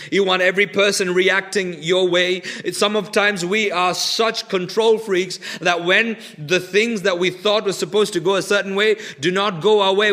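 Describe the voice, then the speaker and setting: A man preaching a sermon, swinging from loud urgent pleading to hushed, low intensity with lots of repetition.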